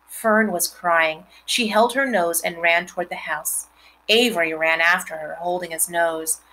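A woman reading a children's novel aloud, expressive, with chatty asides to her listeners. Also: on the low side, a little slow, low-quality recording. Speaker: reader.

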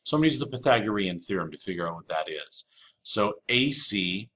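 This male math teacher has a low-pitched, sharp-toned voice. His recorded flipped-classroom geometry lesson moves step by step, restating the key rules with casual fillers over slight background noise.

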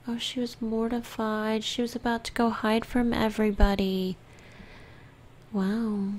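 A woman casually commenting on her own gameplay, often dropping to a soft whisper. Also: fairly high pitch, little pitch movement, measured pace, slight background noise. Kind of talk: casual let's-play commentary.

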